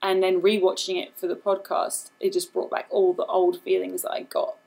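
A woman's voice: fairly low pitch, monotone, normal speed, vocal fry, a little mellow, rough recording. A woman with a British accent, a guest chatting casually on a podcast, laughing often and poking fun at herself. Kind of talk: casual chat.

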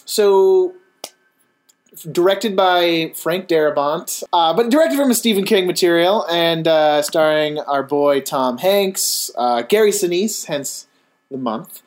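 A man's voice: a little high, expressive, slow. A man hosting a podcast, chatting casually and teasing his guest in a playful, joking way. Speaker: podcast host. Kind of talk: casual chat.

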